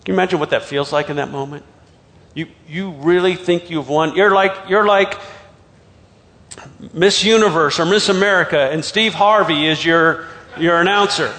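Guy preaching, kinda high voice, goes loud then real quiet, long echo like a big church. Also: moderate pace. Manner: dramatic storytelling, swings from loud to hushed. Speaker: pastor. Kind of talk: sermon.

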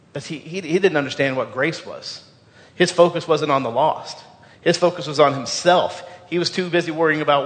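A man's voice: fairly high pitch, fairly quick, a bit bright. A man giving a sermon as a pastor, earnest, stumbling over repeated words and asking the congregation questions. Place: church sanctuary. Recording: long reverb of a church hall.

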